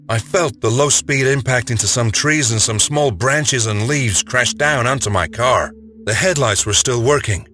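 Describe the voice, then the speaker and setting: A man's voice: medium pitch, fairly bright tone. A man narrating a first-person horror story in a dramatic, tense way. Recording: narration over music.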